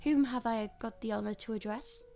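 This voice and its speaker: A woman's voice: fairly high pitch, moderate pace, gravelly, mellow, soft background music. A woman voicing a cool, commanding male detective in a read-aloud story. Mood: dry.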